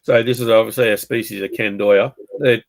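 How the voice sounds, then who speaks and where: A man hosting a podcast, telling animated anecdotes, swearing freely and acting out what other people said. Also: lowish voice, brisk, gravelly, no room sound, poor audio. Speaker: podcast host. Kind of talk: casual chat.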